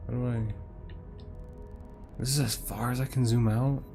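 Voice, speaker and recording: A man's voice: medium pitch, fairly even intonation, moderate pace, vocal fry, darkish tone. A male streamer giving casual, laid-back commentary while he plays a game, reacting aloud and swearing freely. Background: game music.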